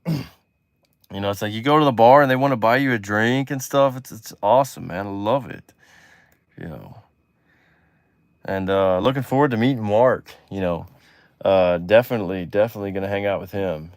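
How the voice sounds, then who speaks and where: A man's voice: fairly low pitch, normal speed, dry recording, clean studio sound. A man from Texas with a Texan accent hosts a live stream in casual chat, rambling easygoingly and trailing off with lots of "you know" asides. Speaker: host.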